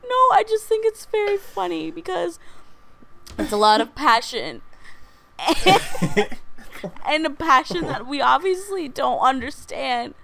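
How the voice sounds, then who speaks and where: A woman's voice: sits high, expressive, a little slow, vocal fry, pauses often, pushed and bright, slight background noise. A young woman co-hosting a podcast, telling funny stories in a casual chat and often laughing through her words. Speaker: podcast co-host.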